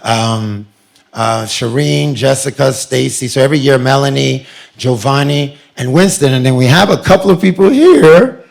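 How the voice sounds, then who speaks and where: Animated joking man addressing a meeting. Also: mid-range voice, normal speed, gravelly. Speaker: community organization presenter. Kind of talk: public meeting presentation. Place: meeting room with audience.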